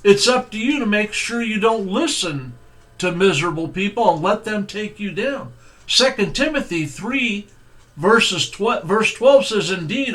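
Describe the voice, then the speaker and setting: A middle-aged man with a notably high voice delivers a sermon as an unhurried personal story. He talks in a folksy, conversational way, stopping on fillers before driving home his point. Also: fairly bright tone. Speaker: preacher.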